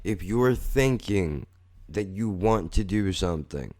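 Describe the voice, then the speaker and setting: Man, lowish voice, casual storytelling, blunt and profane, rambling. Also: lively intonation, slow pace, darkish tone. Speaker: podcast host.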